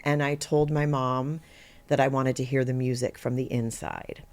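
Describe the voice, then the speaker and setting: A middle-aged woman, an actor guest on a podcast, telling stories in a lively, conversational way and acting out the quotes in them. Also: rumbling low, moderate pace. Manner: animated, acts out quotes in her story, laughs easily. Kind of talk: conversational interview storytelling.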